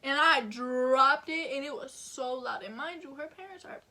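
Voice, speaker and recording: A woman's voice: high-pitched, normal speed, pushed and bright. A young woman chiming in on a story with a friend, giggly and casual. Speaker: vlogger's friend.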